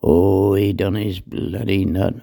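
An older man, telling salty dialect anecdotes slowly from a hospital room. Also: low voice, little pitch movement, warm tone. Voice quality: gravelly, husky. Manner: slow, meandering, salty dialect storytelling. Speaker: storyteller guest.

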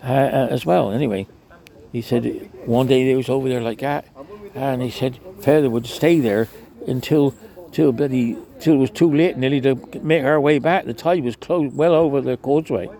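Old cornish guy spinning yarns, gravelly voice, swears a bit. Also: mid-range voice, normal speed, dark tone. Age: older. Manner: chatty, restarts, mild swearing. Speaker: interviewee. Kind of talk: rambling storytelling.

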